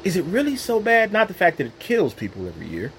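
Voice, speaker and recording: Earnest man with a lively, swinging voice. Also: high voice, quick pace, a little hiss or hum, rough recording. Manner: earnest and emphatic, repeats phrases for weight. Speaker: Christian speaker. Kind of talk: personal devotional talk. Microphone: own microphone.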